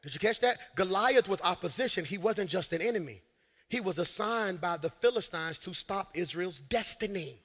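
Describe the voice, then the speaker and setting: High-voiced energetic preacher. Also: male voice, moderate pace. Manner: energetic preaching with shouted peaks and call-and-response asides. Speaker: senior pastor. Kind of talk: live sermon. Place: large church hall. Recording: live hall with long reverb.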